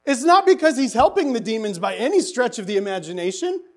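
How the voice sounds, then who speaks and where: A pastor delivers an animated sermon at a quick pace, posing rhetorical questions to the congregation. His voice sits high and rises to near-shouts for emphasis.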